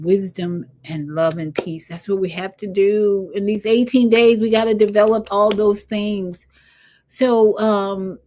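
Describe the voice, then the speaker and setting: An older woman hosting a casual spiritual livestream, rambling with animated asides. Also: mid-range voice. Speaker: livestream host.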